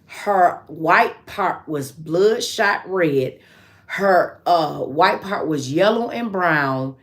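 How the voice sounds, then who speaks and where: A woman hosting a casual livestream, telling a story in a loose, animated way and answering her viewers with endearments like sweetheart and baby. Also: lowish voice. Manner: loose, drawn-out delivery with restarts. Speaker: livestream host.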